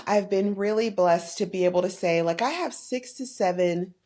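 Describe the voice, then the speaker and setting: Heartfelt and openly emotional, a middle-aged podcast host shares a candid, faith-tinged monologue about her own life. Her medium-pitched voice is a little mellow, at a moderate pace.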